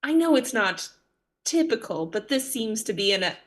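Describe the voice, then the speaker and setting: A woman's voice: on the high side, sing-song, moderate pace. A woman playing a tabletop game, chatting in a giggly, playful way. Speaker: player. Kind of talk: casual tabletop play.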